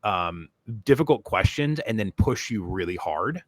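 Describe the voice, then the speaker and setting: A man's voice: fairly low pitch, expressive, measured pace. A man co-hosting a podcast, telling stories in casual chat with lots of fillers. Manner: rambling storyteller, many fillers. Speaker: podcast co-host.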